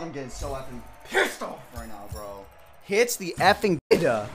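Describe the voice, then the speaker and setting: A man ranting at a video game as he plays, swinging from low muttering to furious yelling and swearing constantly. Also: sing-song, brisk, very noisy. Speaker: gamer streaming his play. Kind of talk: live gameplay rant. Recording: loud music over the voice.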